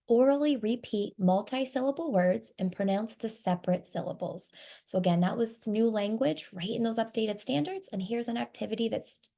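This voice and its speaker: A woman's voice: on the high side, creaky, warm tone. A woman who directs reading instruction, explaining material slide by slide in a webinar presentation. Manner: explanatory, walks through slides.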